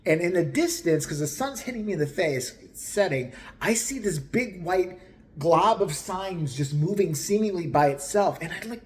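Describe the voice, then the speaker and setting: Give me an animated, profane storytime vlogger. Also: medium pitch, moderate pace. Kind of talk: storytime rant.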